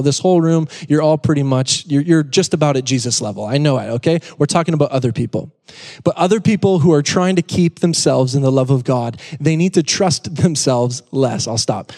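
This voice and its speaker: A man's voice: fairly high pitch, darkish tone, long reverb tail. A man preaching a sermon to his congregation, casual and joking, repeating key points for emphasis. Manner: conversational, joking asides, emphatic repetition. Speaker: pastor. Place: church sanctuary.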